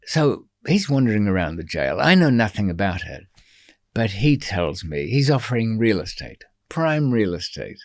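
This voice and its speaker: A man's voice: lowish voice, big pitch swings, normal speed, darkish tone, no echo, studio quality. A man as a podcast guest, telling stories in a casual, wry way with many ums and restarts. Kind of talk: casual storytelling interview.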